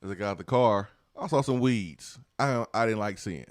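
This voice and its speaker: A playful man co-hosting sports talk radio, voice sitting fairly low. He loops catchphrases and laughs easily, and the studio sound is dry and close. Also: moderate pace, no room sound. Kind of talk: casual sports talk chat.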